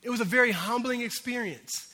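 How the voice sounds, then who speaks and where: A man preaching a sermon as a pastor, telling a story in an animated way that swings between loud bursts and hushed moments. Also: very high voice, a little fast, noisy background. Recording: hall reverb.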